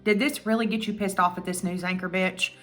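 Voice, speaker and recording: A woman's voice: mid-range voice, fairly quick, faint music behind. A woman vlogger casually retelling a true-crime documentary, acting out quotes and swearing freely. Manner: chatty, animated retelling with acted-out quotes and swearing.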